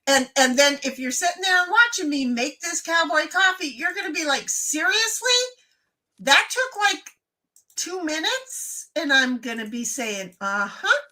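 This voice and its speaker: A woman hosting a casual live-stream chat, telling animated stories and acting out the other people in them. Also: high-pitched, normal speed. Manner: animated storyteller who acts out other voices. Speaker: stream host.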